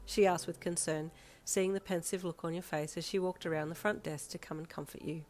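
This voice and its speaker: A woman reading a fanfiction story aloud in second person, with calm, even storytelling. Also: fairly low pitch, fairly quick, a little hiss or hum. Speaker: fanfiction reader.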